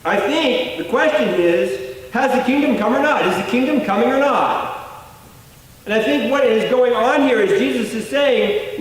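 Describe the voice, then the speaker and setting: High-voiced preacher in an echoey hall. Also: male voice, normal speed, distant mic. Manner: conversational and explanatory, rephrasing and repeating himself. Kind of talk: sermon. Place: church sanctuary.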